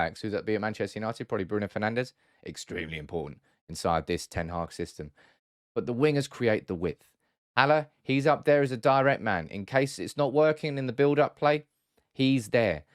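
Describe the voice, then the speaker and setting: A man's voice: lowish voice, no room sound, studio quality. A man hosting a football analysis video, talking through tactics in a chatty way with frequent restarts and self-corrections. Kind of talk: casual tactical breakdown.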